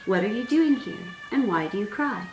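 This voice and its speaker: A woman's voice: medium pitch, expressive, normal speed, close to an everyday voice. A woman voicing a small, wise male caterpillar who talks patiently, with mild exasperation. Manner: patient, lecturing, mildly exasperated. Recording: roomy sound, distant mic, faint music.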